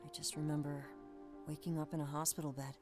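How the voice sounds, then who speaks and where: A grieving young survivor in a video game, her voice sitting low and quiet as she looks back on what she lost. Clear game music plays behind her. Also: little pitch movement, fast talker. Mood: sorrowful.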